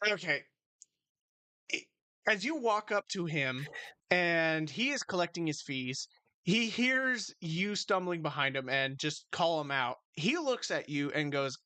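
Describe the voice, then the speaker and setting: Guy running a tabletop game over voice chat, talks slow, lots of uhs, bright tone. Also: fairly high pitch, big pitch swings, dry recording. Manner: halting, filler-heavy narration with frequent laughs. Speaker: game master.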